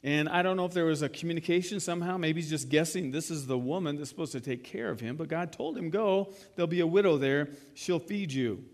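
A man's voice: a little high, fast talker, few pauses, long reverb tail. A man preaching a sermon in a conversational way, retelling a scene and asking the listeners rhetorical questions. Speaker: pastor.

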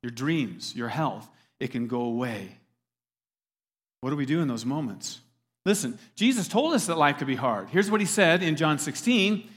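A man's voice: mid-range voice, animated, normal speed. A man preaching a sermon in a conversational, emphatic way, turning to the audience with questions. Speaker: pastor.

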